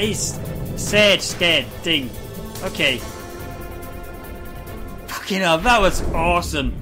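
A man commentating a video game, excitable and sweary, often laughing. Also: high-pitched. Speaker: gamer. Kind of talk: let's play commentary. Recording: game music behind the voice.

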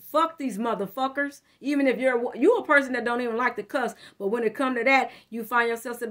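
A high-pitched woman reads tarot in a loose, casual monologue. She talks to her listener directly, heavy on slang and cursing, and she leans hard on her points. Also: a bit bright. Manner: blunt, profane, slangy; emphatic, addresses listener directly. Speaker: tarot reader.

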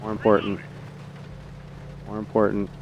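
Male game streamer, low and gravelly, chatty and excitable, faint background hiss. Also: a little slow, highs cut off. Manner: chatty, excitable, talks to teammates and chat. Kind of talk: live gameplay commentary.

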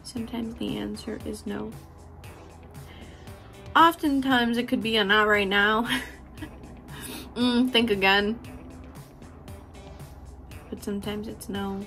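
A woman's voice: mid-range voice, fairly even intonation, takes it slowly, creaky, pauses often, bright, forceful tone. Woman giving real talk to her viewers, swears a lot, laughs a bunch, faint music under it. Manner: frank and profane, affectionate, laughs often. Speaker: beauty vlogger. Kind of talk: candid motivational talk to camera.

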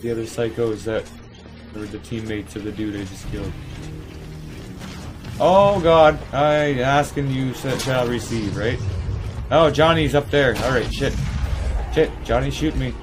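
A man casually commenting while he plays a video game, swearing often and laughing at it. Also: mid-range voice. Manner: profane, laughing, talks to the game. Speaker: streamer. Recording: game music playing behind.

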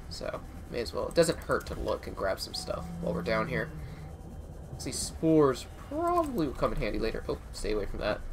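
A man giving chatty let's play commentary, talking to himself as he plays, with quick exclamations and bursts of laughter. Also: medium pitch, vocal fry. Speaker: gaming streamer.

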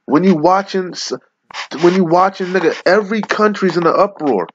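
A man's voice: high voice, normal speed, husky, dry recording. A man giving an angry, profane rant in which he reads scripture aloud and lectures his listeners. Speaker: religious commentator. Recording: lo-fi muffled audio.

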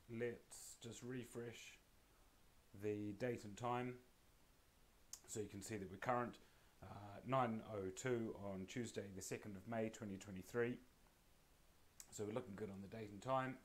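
A man with a croaky, laryngitis-strained voice hosts a live-streamed prize draw, greeting viewers by name in a friendly way. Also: fairly low pitch.

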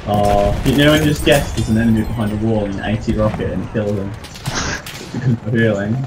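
Excitable man narrating his gameplay. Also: fairly low pitch, fairly quick. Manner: excitable, laughing, acts out other players. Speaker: gamer host. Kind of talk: casual gameplay chat. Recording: game battle noise behind.

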